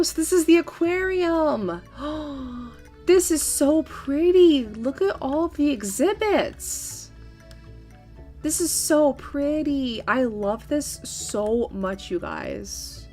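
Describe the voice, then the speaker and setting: A young woman gaming YouTuber narrating her farming game run, gushing and excitable with frequent gasps. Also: high voice, slow, soft background music. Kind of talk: gameplay commentary and narration.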